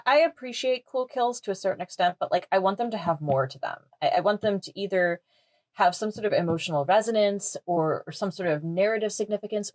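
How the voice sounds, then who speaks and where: In a dry recording, a woman with a mid-range voice co-hosts a podcast and picks apart a horror film in a casual discussion. She's thoughtful and analytical, and she laughs easily.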